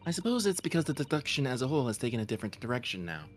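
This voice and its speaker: Man playing a prim young lady assistant, gentle and courteous, lively pitch. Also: natural voice. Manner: courteous, measured. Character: polite young female legal assistant, earnest.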